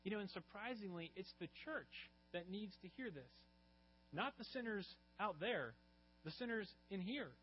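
A man's voice: high voice, expressive, moderate pace. A man preaching a sermon as pastor, telling stories earnestly and rising in emphasis on key lines. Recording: muffled recording with faint mains hum.

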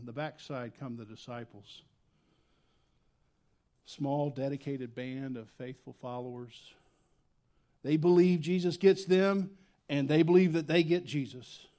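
A man preaching a sermon as pastor, swinging between loud emphatic lines and quiet, low asides. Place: church sanctuary.

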